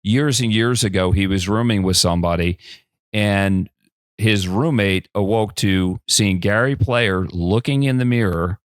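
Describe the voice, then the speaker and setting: A man's voice: fairly low pitch, measured pace, dry recording, clean studio sound. A man hosting a podcast, chatting, joking and asking his guest questions. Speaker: podcast host. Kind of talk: casual podcast conversation.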